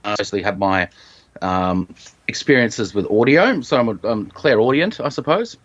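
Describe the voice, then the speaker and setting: An Australian man telling a personal story as a podcast guest, reflective and halting, with frequent ums and restarts. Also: fairly low pitch, expressive, highs cut off.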